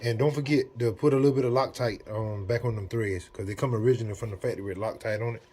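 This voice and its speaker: A man's voice: fairly low pitch, steady tone, fast talker, a little mellow, a little hiss or hum. A man, talking viewers through a car repair step by step in a casual, easygoing way while working in a garage. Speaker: DIY mechanic. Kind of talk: casual how-to narration.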